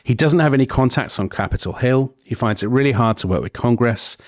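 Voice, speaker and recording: A man co-hosting a history podcast, telling the story in a lively, digressive way with frequent self-corrections. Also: medium pitch, fairly quick, dry recording, clean studio sound. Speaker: podcast co-host.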